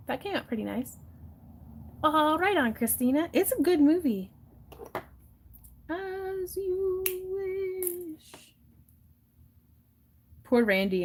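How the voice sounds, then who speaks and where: A woman with a fairly high voice hosts a crafting livestream, chatting casually and laughing often as she wire wraps. She's giggly and chatty and acts out little voices in her stories, with slight background noise.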